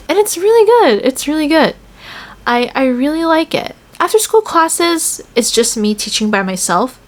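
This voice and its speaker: Chatty young American woman vlogging. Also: mid-range voice. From United States. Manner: chatty, many "like" fillers, animated storytelling. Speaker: English teacher in Korea. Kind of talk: casual vlog chat.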